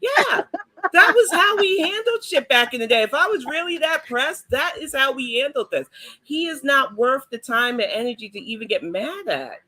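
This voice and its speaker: Outspoken middle-aged New woman panelist, bright and forceful tone, plain-spoken. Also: high-pitched, expressive, moderate pace. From New York. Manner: blunt and outspoken. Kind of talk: casual panel chat.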